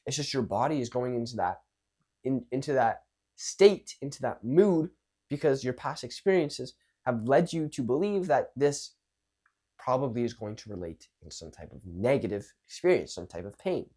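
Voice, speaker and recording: A young man talks through social confidence tips in a loose, conversational way. He is animated, acting out nervous and calm versions of the same lines, and swears now and then. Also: mid-range voice, normal speed, slightly rough. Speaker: social skills coach. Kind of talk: casual coaching talk to camera.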